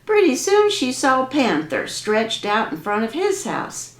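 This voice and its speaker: Woman storyteller, slow dramatic delivery, higher voice, roomy recording. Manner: lively, dramatic, folksy. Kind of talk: folk tale storytelling. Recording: echoey room.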